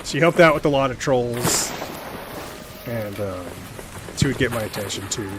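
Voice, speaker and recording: A man live-streaming a game, chatting with viewers and shouting and yelping at the action. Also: medium pitch, expressive, moderate pace, over music. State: slightly dry throat. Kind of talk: casual chat while playing a game live. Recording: loud game noise behind.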